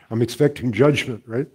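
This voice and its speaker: An older man giving a talk as a guest teacher, telling stories in a relaxed way with frequent chuckles. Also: mid-range voice. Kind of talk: storytelling talk.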